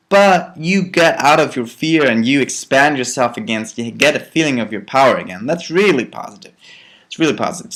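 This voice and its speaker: A man speaks unhurriedly in a casual spiritual talk, his voice sitting at an ordinary middle pitch. He is animated, jumping from loud bursts down to soft, almost whispered asides.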